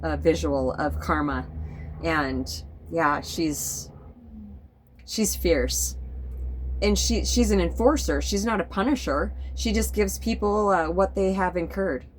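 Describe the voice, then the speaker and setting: Woman vlogger, rambling spiritual chat, candid, swears a little, voice on the low side. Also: takes it slowly, a little hiss or hum, poor audio. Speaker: spiritual vlogger drawing cards. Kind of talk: casual spoken vlog monologue. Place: sitting indoors at home.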